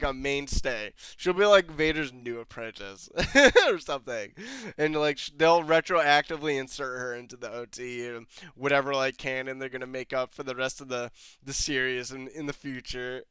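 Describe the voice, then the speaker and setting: A man's voice: fairly high pitch, bright, forceful tone, clear, resonant tone, no room sound. A young man hosting his own channel, ranting to camera in a rambling, frustrated way and breaking into laughter often. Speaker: channel host reviewing a TV episode. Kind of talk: casual rant to camera.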